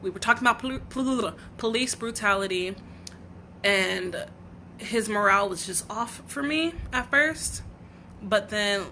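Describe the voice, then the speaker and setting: Bright-voiced woman, raw and earnest. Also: medium pitch, animated, a little slow, long pauses, slight background noise. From United States. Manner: earnest, raw and heartfelt, with frequent restarts. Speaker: livestream host. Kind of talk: emotional personal livestream talk.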